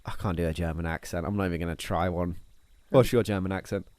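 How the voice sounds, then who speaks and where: Fast-talking low-voiced man. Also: fairly even intonation, darkish tone, dry recording. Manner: rambling, jokey, thinks aloud with fillers. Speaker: podcast co-host. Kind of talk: casual podcast chat.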